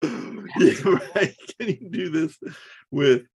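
A man's voice: on the high side, expressive, slow, darkish tone, husky. A man co-hosting a podcast in casual chat, mostly giving short agreeing replies and laughing often. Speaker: podcast co-host.

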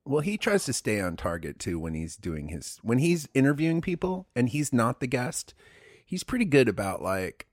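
A man's voice: medium pitch, very animated, normal speed, dry recording. A man co-hosting a podcast, chatting casually with dry, teasing banter. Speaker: podcast co-host. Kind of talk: casual conversational podcast chat.

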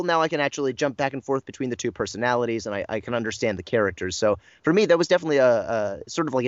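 A man's voice: mid-range voice, no room sound, highs cut off. A man who voices cartoon characters, chatting casually in an interview, rambling, joking about himself and swearing now and then. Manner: rambling, self-deprecating, jokey, swears. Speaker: voice actor guest.

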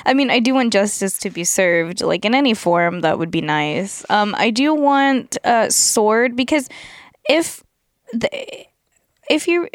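A woman who teaches, co-hosting a podcast, talking in a chatty, animated way with many "like"s. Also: fairly high pitch, measured pace, dry recording, studio quality. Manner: chatty, lots of "like", animated storytelling. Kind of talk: casual chat.

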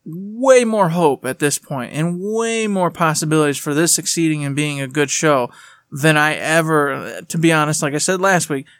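A man with a slightly higher voice co-hosts a casual gaming podcast, talking in an animated, chatty way. He often acts out what other people said in little put-on voices. The recording is dry and close, with no room sound. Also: normal speed, no echo. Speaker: podcast co-host.

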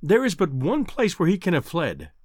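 A man's voice: fairly high pitch, wildly swooping pitch, normal speed, darkish tone, breathy edge, no room sound, studio quality, exaggerated voice. A man reading aloud and voicing a distraught, fierce young married woman with an emotional, pleading manner. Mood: earnest. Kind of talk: audiobook character voice.

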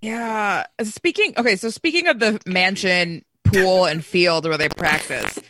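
A man's voice: sits high, animated, a little slow, sharp tone, slight background noise. A man co-hosting a casual movie podcast, dry and dismissive in his critiques. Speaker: podcast co-host. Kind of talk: casual movie review chat.

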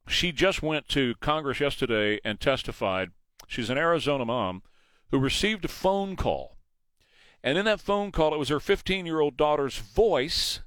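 A man's voice: on the high side, a bit bright, no room sound. A man hosting a morning news talk show, talking emphatically and asking rhetorical questions into a studio mic. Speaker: radio talk show host.

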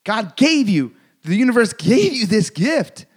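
A man with a high voice delivers a motivational talk. He hammers his points through repetition and occasional swearing, pressing hard on the listener. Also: very animated, unhurried, husky. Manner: intense, repetitive, preachy, swears for emphasis. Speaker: motivational speaker. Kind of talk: motivational speech.

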